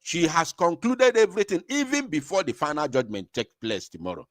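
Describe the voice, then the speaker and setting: Fuming Nigerian man with lively pitch. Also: brisk, no room sound, clean studio sound. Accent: Igbo-accented Nigerian English. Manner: angry, rhetorical, repeats phrases for emphasis. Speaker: online show host. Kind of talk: impassioned commentary.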